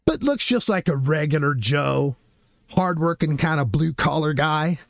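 A male commentator speaking with biting sarcasm and rising passion. His fairly high voice swings widely in pitch. The sound is dry and close to the mic. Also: expressive, a little slow, gravelly, no echo. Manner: sarcastic, impassioned. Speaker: political commentator. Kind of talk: opinionated commentary monologue.

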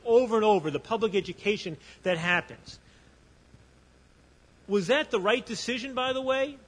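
A man's voice: high-pitched, a bit bright, breathy edge, long reverb tail. A man speaking on a panel at a conference, telling a story with animation and often restarting his sentences. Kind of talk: conference talk.

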